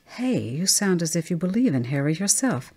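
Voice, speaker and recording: A woman's voice: on the low side, very animated, moderate pace, dark tone, breathy edge. A woman playing a firm, matter-of-fact husband in an audiobook ghost story. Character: steady, brisk husband, protective and firm.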